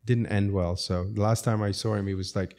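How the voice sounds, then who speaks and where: A middle-aged restaurateur telling stories on a podcast in a relaxed, mellow voice that sits on the low side. He rambles happily from one story to the next and breaks into laughter as he tells them. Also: brisk. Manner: laughs through lively anecdotes. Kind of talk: casual storytelling.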